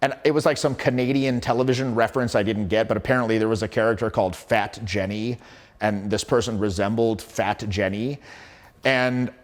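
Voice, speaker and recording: A man in his forties coaching on social skills, talking casually and briskly to camera, telling stories with acted-out quotes and some swearing. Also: lowish voice, steady tone. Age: 40s. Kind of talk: casual teaching talk to camera.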